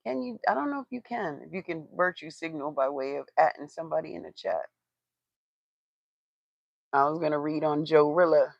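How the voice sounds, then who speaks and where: Gravelly, profane tarot reader. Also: medium pitch, moderate pace, long pauses, no echo, lo-fi sound. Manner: blunt and profane, swears for emphasis; talks to the live chat, calling out to viewers. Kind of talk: livestreamed tarot reading.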